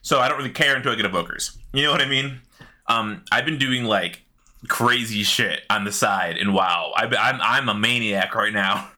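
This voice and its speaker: A man's voice: on the low side, normal speed. A man co-hosting a casual gaming podcast, talking loosely and swearing, sometimes chewing as he speaks. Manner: animated, swearing, eating while talking. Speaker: podcast co-host.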